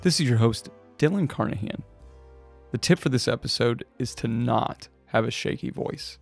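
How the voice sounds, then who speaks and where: A male podcast host delivers scripted tips in a measured, declarative way. His voice is gravelly with vocal fry and sits in an ordinary middle pitch. The sound is dry and close, with faint music underneath. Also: dry recording.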